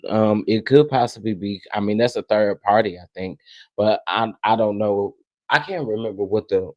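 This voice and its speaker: A man hosting a casual live stream, greeting chat viewers one by one and sounding irritated, with halting restarts. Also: fairly low pitch, darkish tone, no room sound. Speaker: livestream host. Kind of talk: casual livestream commentary.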